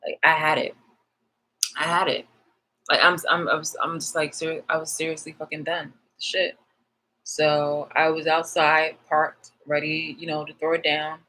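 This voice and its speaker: A woman's voice: low-pitched, level tone, moderate pace, sharp tone, slight background noise, low-quality recording. A woman ranting on a live stream. She is agitated and swears often, repeating phrases for emphasis. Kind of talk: live-streamed personal rant.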